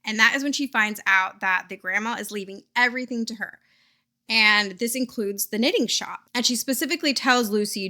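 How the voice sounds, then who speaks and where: Chatty, giggly woman with a bright voice. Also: a little high, fairly quick. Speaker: crochet vlogger. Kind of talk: casual book chat while crocheting.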